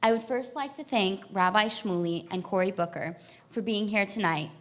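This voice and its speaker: A woman, an event organizer, giving measured, prepared closing remarks to an audience. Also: mid-range voice.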